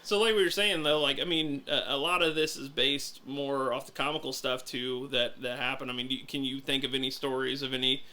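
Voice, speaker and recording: A man hosting a podcast who asks rambling, halting questions in a casual chat. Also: medium pitch, steady tone, pushed and bright. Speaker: podcast host.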